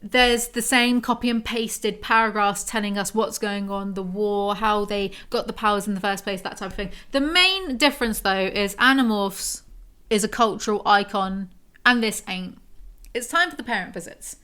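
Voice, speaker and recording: A woman's voice: mid-range voice, moderate pace, pushed and bright, clear, resonant tone. A woman in her twenties doing a comedic book breakdown, reading passages aloud and adding sarcastic, self-mocking asides. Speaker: book reviewer.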